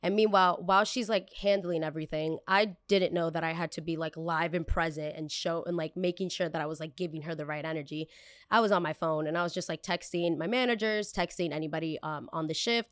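A woman hosting a podcast, telling a personal story in a casual, animated way and acting out what people said. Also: on the low side, a little fast, no echo, clean studio sound. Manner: animated, acts out quotes, many fillers. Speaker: podcast host.

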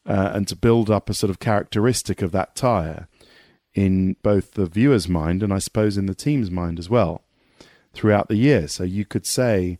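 Animated rambling man, low voice. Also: normal speed, no room sound, studio quality. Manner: animated, rambling, many restarts. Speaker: motorsport pundit guest. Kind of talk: casual podcast conversation.

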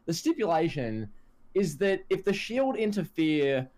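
A man's voice: on the high side, measured pace. A man co-hosting a casual wrestling chat, ranting animatedly. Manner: animated ranting, quotes others in put-on voices. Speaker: podcast co-host.

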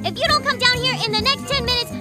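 A manic, squeaky child pitchman. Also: fast talker, pushed and bright, faint music behind, full character voice. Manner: hyped, rambling sales patter. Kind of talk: cartoon voice acting.

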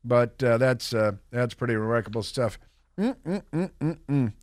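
A man's voice: medium pitch, flat delivery, moderate pace, no echo, clean studio sound. A man hosting a political talk radio show, rambling and sarcastic, with mocking asides.

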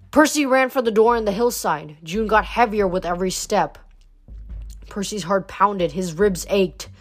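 A woman reads a novel aloud in an even, storytelling manner. Her voice is middle-pitched, and faint music plays underneath.

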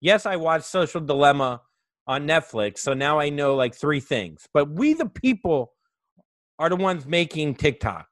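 A man's voice: fairly high pitch, sing-song, unhurried, a bit bright, no room sound, studio quality. A young adult man hosting a comedy podcast, ranting sarcastically with lots of swearing and mock voices. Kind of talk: comedic monologue.

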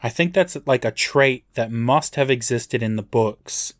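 A man's voice: mid-range voice, unhurried. A man co-hosting a podcast, recapping a TV episode in a dry, matter-of-fact way. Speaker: podcast co-host. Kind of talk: casual chat recapping an episode.

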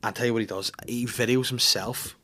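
A man hosting a casual football chat podcast, ranting and swearing in quick, cheeky banter. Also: medium pitch, steady tone, bright, forceful tone. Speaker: podcast host.

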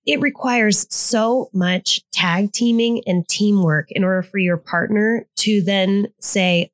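A woman's voice: medium pitch, slow pace, few pauses, no room sound. A woman, a therapist, talking frankly and thinking aloud in a casual podcast conversation, with the odd swear word.

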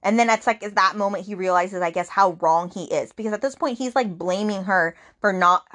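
A woman's voice: medium pitch, fairly quick, fairly bright tone. A woman hosting a book podcast, recapping the plot in a chatty, rambling way with fillers and acted-out quotes.

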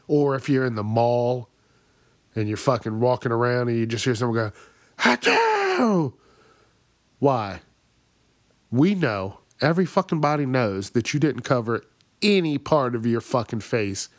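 A man at a mid pitch holds forth in a comic podcast rant, cursing freely and sounding fed up with inconsiderate people. His voice sits close and dry, with no room echo around it. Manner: profane, exasperated ranting. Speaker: podcast host. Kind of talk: ranting comedic monologue.

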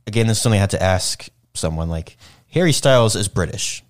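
A man's voice: fairly low pitch, lively intonation, quick pace. A man co-hosting a podcast in casual chat, easygoing and wry. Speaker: podcast co-host.

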